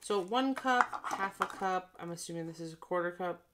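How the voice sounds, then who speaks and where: Woman vlogger, lowish voice, tired and cranky, rambling haul review, noisy room with crinkling. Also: normal speed. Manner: cranky, ranting, self-deprecating asides. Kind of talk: casual chat.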